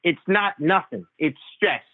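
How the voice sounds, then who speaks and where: Man doing an excitable, insistent Long Island family doctor, pitched up high, heard over a dry phone-like line. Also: a little slow, vocal fry, no echo. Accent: Long Island New York. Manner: insistent, emphatic, repeats his point. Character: blunt excitable older male family doctor.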